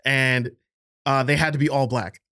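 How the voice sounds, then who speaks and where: A man's voice: mid-range voice, steady tone, moderate pace, pushed and bright, dry recording, clean studio sound. A young man from the Bronx with a New York accent, chatting casually as a guest, slangy and profane, laughing often. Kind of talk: casual chat.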